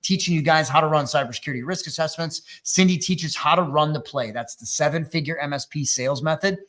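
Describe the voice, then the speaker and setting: A man's voice: a little high, fast, fairly bright tone. A man from Wisconsin hosting a business coaching webinar, talking loosely and joking with fillers. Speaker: webinar host and MSP coach. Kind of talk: energetic webinar talk.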